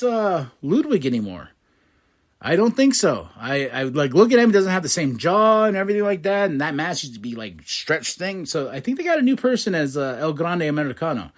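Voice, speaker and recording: A man hosting a podcast in a casual, excitable recap, laughing often and acting out quotes. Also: medium pitch. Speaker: podcast host recapping wrestling.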